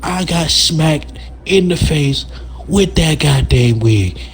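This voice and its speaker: A man's voice: a little high, lively intonation, slow pace. A man telling a story from school in a casual chat with a friend, slangy and exaggerated, laughing as he goes.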